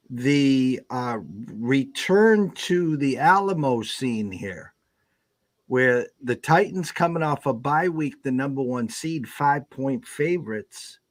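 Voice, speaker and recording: A man's voice: medium pitch, dry recording. A man co-hosting a sports betting show, talking casually and building his point step by step.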